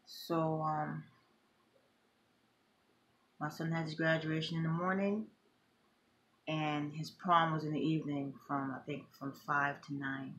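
A woman's voice: sits low, flat delivery, measured pace, long pauses, a bit bright, slight background noise. A middle-aged woman vlogging emotionally, talking in an impassioned, repetitive, grieving way. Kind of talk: emotional personal vlog.

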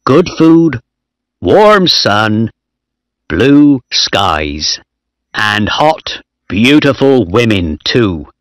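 A man voicing a cheerful, crude young male sailor who speaks eagerly and loudly. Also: medium pitch, sing-song, extremely slow, no room sound. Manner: eager, boisterous.

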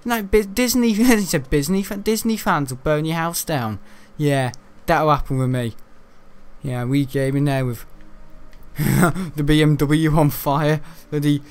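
A young adult gaming YouTuber offers chatty, rambling commentary over a video game, swearing mildly and fairly often. His voice is a little high, a little slow and mellow, clear and resonant.

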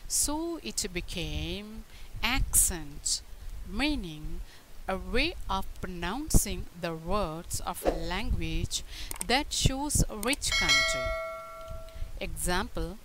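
Woman, pronunciation tutor, very slow measured delivery, faint hiss and clicks behind. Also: fairly low pitch, big pitch swings. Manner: slow, deliberate word-by-word delivery. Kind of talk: scripted pronunciation lesson.

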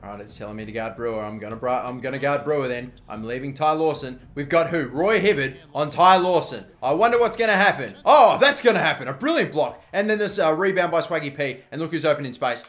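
A man hosting a gaming video, giving excitable live commentary while he plays and swearing often at the game. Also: on the high side, fast, few pauses.

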